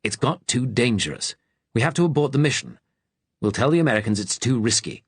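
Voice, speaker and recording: A man's voice: medium pitch, lively intonation, brisk, husky, dry recording, voice pushed up. A man voicing a weary, firm male resistance captain.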